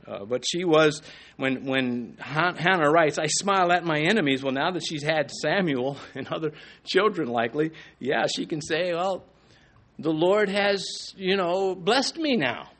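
A man preaching a sermon, reading scripture slowly with rising emphasis and dropping to a soft, low voice for asides. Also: animated. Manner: slows and rises in pitch on quoted scripture. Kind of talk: expository sermon.

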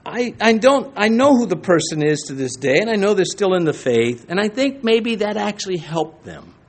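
A male pastor preaching a sermon in an animated way, acting out quoted voices and laughing between points. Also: sits high, moderate pace.

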